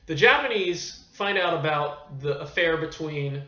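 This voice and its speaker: A man's voice: on the high side, animated, unhurried, pushed and bright. A man reviewing a film in a casual, rambling monologue, often losing his thread. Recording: echoey room, dull lo-fi sound.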